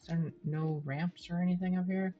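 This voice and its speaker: Low-voiced chatty woman streamer. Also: fairly even intonation, a little fast, highs cut off, faint music behind. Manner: chatty, thinking aloud, talking to chat. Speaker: game streamer. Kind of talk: live gameplay commentary.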